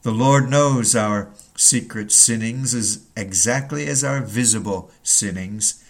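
A man's voice: medium pitch, slow pace. A man reading an old Puritan sermon aloud, earnest and building to urgent rhetorical questions.

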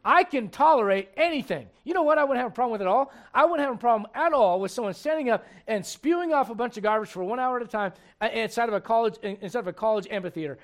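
A man's voice: very high voice, lively intonation, fast, few pauses. A man preaching a sermon in an emphatic, conversational way, full of rhetorical questions.

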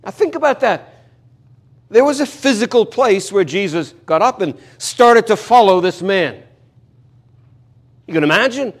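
Brief: male preacher, fairly high voice, earnest and emphatic, hammers home repeated lines. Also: lively intonation, unhurried, pauses often. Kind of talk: expository sermon.

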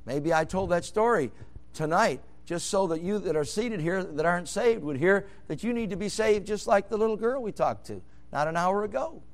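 A man preaching a sermon, moving from quiet storytelling into loud, fervent hollering. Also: high-pitched, lively intonation, moderate pace.

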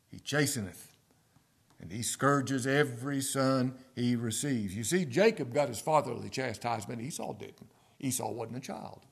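A male pastor preaches a midweek sermon in a church, his voice mid-pitched with a gravelly edge. He dwells on words, sinks to near-whispers, then pushes phrases out with force. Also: lively intonation, a little slow. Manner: emphatic preaching, swinging from soft near-whispers to loud stresses. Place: church sanctuary.

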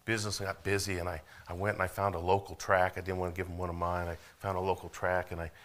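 A middle-aged man preaching with a deep voice and a forceful, bright edge. He stumbles over repeated words, calls out for amens, and builds his lines up to loud peaks. The delivery is a sermon throughout. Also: flat delivery, fast talker. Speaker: pastor.

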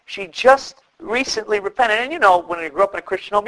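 Animated high-voiced male pastor preaching. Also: brisk, hardly any pauses, low-quality recording. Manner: animated, acts out quoted voices. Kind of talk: sermon.

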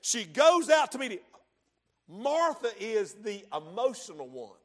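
A man preaching a sermon in church, swinging from hushed tones to shouting. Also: high voice, big pitch swings, unhurried. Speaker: pastor.

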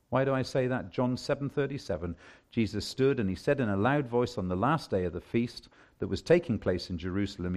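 A male preacher giving a sermon, with emphatic preaching that swings from hushed lines to loud declarations. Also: mid-range voice.

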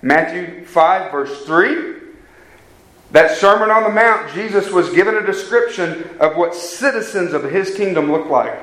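Earnest pastor preaching in an echoey hall. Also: male voice, high voice, lively intonation, measured pace, a bit bright. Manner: earnest, emphatic preaching with direct questions to the congregation. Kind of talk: sermon. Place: church hall. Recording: echoey church room.

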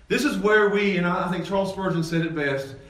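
A man preaching a sermon as pastor, animated, swinging from loud excited peaks to low emphatic lines. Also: brisk. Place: church sanctuary. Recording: echoey church hall from far off, faint ambience.

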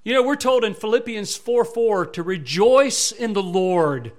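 Male pastor, fairly high voice, emphatic sermon delivery. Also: animated, a little slow, a little mellow.

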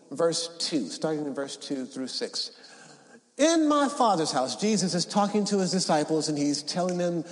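A male pastor delivering a sermon, reading scripture aloud and rising into shouted emphasis. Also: on the high side, echoey room, long reverb tail. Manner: preaching, rises to shouts, reads scripture. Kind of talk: Easter sermon. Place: church sanctuary.

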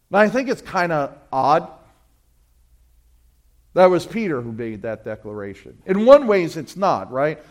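A man preaching a sermon, swinging between loud emphatic appeals and quiet, dropped phrases, and urging his listeners directly. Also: fairly high pitch. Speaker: pastor.

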